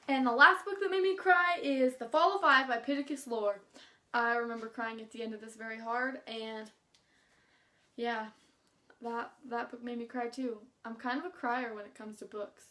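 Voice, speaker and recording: A woman's voice: sits high, fairly even intonation, normal speed, pushed and bright. A teenage girl talking casually about books as a vlogger, gushing and chatty with lots of filler words. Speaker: book vlogger. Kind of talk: casual chat.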